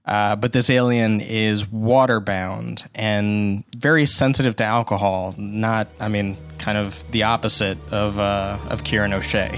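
A man's voice: on the low side, measured pace, few pauses. A man co-hosting a casual film review podcast, rambling and restarting his sentences as he talks. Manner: rambling, self-correcting, animated asides. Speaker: podcast co-host.

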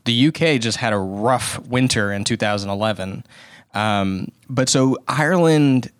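A man co-hosting a casual film chat, speaking at a middling pitch with plenty of restarts and asides. The sound is dry and close, with no room echo. He wanders through his thoughts and backs up to correct himself. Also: measured pace. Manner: rambling, self-correcting, animated asides. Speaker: podcast co-host.

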